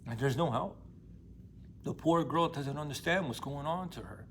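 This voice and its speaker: A man's voice: a little high, normal speed, long pauses, slight background noise. Young man retelling a novel, slangy and blunt. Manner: slangy, profane, emphatic storytelling. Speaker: book discussion vlogger. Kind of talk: casual retelling and commentary.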